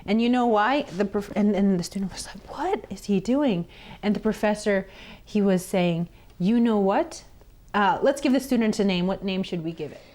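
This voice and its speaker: A woman, a nun and teacher, hosting a children's TV chat, gentle and teacherly, telling a story and acting out its voices. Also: mid-range voice, normal speed.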